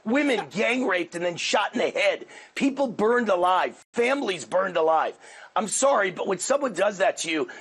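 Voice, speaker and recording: A man on a televised news panel, speaking in a forceful, emphatic, indignant way over a remote video link. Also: high voice, husky. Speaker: panelist, commentator. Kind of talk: heated panel debate.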